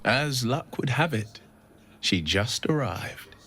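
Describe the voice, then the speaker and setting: A man's voice: medium pitch, animated, slow, fairly bright tone, breathy edge, exaggerated voice. A man voicing a courteous, romantic young warlock hero in a video game. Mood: gallant, tender.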